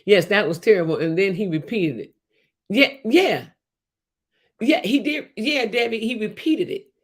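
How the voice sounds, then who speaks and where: Hosting a casual livestream, a woman speaks at a measured pace in an animated, medium-pitched voice. Her talk is emphatic, full of restarts and repetitions, and she reads out comments from viewers.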